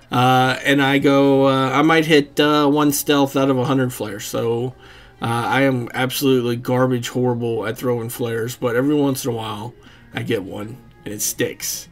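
A man giving casual, rambling commentary over his own gameplay, swearing freely and chuckling often. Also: medium pitch. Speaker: gaming commentator.

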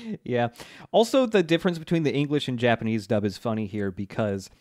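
A man's voice: medium pitch, fairly quick, no room sound, clean studio sound. A man co-hosting a podcast, casually retelling an anime's plot with fillers and laughter. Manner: relaxed storytelling with fillers, laughs along. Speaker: podcast co-host. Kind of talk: casual chat recapping an anime.

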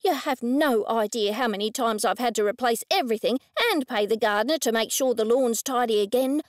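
Audiobook: woman narrator doing a waspish, overbearing lady who snaps every line, raised and higher than the narration. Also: a little fast, dry recording, studio quality, close to an everyday voice. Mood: snappish. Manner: snappish, demanding. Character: rude overbearing middle-aged woman dog owner.

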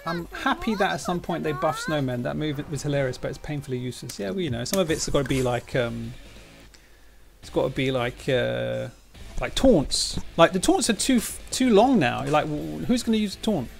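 A middle-aged man, slangy and self-mocking, commenting as he plays a fighting game. His voice swings up and down in a lively way as he grumbles, with faint music underneath. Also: on the high side, normal speed, creaky. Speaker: game streamer. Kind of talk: casual gameplay commentary.

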